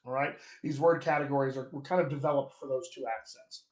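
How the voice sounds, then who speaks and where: A man teaching accents as a dialect coach in a live stream, talking to viewers and demonstrating vowels slowly. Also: mid-range voice, fairly even intonation, reverberant. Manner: slow, demonstrative, drawn-out vowel examples; chatty, addresses viewers directly. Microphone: webcam or phone on a live stream.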